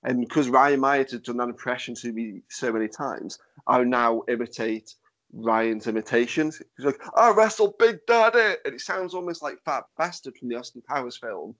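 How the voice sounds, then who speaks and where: Man, podcast host, nasal voice, monotone delivery, easygoing, sweary. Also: medium pitch, moderate pace. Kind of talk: casual chat.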